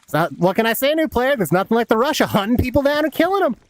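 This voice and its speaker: A man's voice: very high voice, very animated, fast talker, slight background noise. A man in his thirties giving casual, laid-back gameplay commentary as a streamer, swearing a lot and laughing often. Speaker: game streamer.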